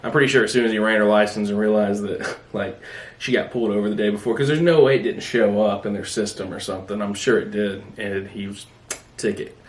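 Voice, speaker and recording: A podcast host with a fairly low voice talks a little fast in casual chat, animatedly telling stories and acting out his family members' lines. The recording has an echoey room sound.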